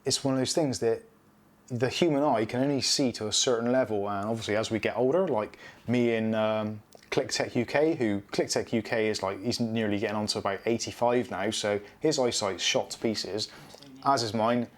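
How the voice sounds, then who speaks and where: A man's voice: fairly low pitch, moderate pace. A middle-aged British man hosting a casual live stream, rambling chattily and reading out viewer comments.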